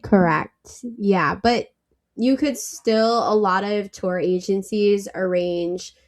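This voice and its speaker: A woman being interviewed as a travel company founder, chatty and animated, laughing easily as she tells stories. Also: medium pitch, takes it slowly. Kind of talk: casual interview.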